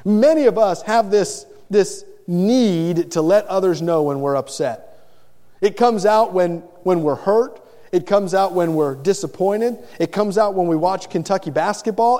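A middle-aged pastor preaches a sermon earnestly in a high, unhurried voice with a darkish tone, often repeating a phrase's first word before continuing. A large hall gives the recording a long reverb.

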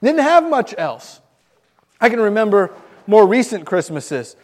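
A man's voice: sits high, unhurried, long reverb tail. A man in his thirties from Florida, telling Christmas memories to a group, stumbling over and repeating his words. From Miami, Florida. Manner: stammers and repeats words, animated storytelling. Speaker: speaker sharing Christmas memories. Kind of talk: storytelling talk to a group.

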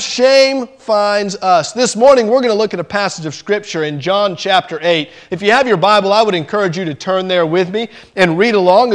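A man preaching a sermon, telling a story in an animated way and slowing down to stress his points. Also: high-pitched. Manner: storytelling, animated, slows down for emphasis.

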